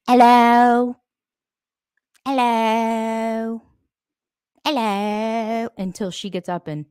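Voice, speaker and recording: A woman's voice: on the low side, dry recording, studio quality. A middle-aged woman, casually chatting and reading viewer comments, blunt and swearing freely. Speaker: livestream host.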